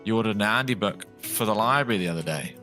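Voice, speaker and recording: A man's voice: fairly low pitch, animated, quick pace, sharp tone, faint music behind. A man chatting casually while streaming a survival game, rambling and lightly joking. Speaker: gaming streamer. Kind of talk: casual live gameplay chat.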